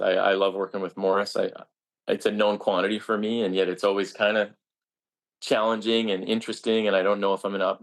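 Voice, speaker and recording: A man, a stage actor, answering interview questions in an earnest, halting way with frequent restarts. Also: lowish voice, creaky.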